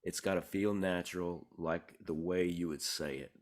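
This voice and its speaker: A man, a songwriter guest, telling stories in a relaxed, rambling way, with many fillers and restarts. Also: low voice, moderate pace. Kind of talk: conversational interview storytelling.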